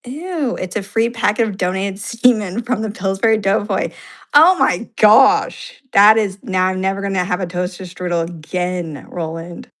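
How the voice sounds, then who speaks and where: A woman co-hosting a casual chat, unhurried, teasing and easily amused. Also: mid-range voice. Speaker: co-host.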